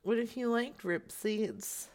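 A woman's voice: on the high side, takes it slowly, a little mellow. A woman hosting a radio show, chatting casually and crudely between prank phone calls. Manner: crude, joking, laughs often.

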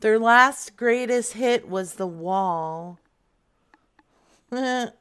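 A woman's voice: a little high, extremely slow, a bit bright, clear, resonant tone. A young adult woman making a prank phone call, brash and teasing, laughing often. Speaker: prank caller.

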